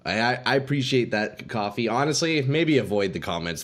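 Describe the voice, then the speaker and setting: Briskly and with few pauses, a man with a fairly low, fairly bright voice chats on his game stream. His laid-back, slangy talk addresses viewers as "boys" and "dude."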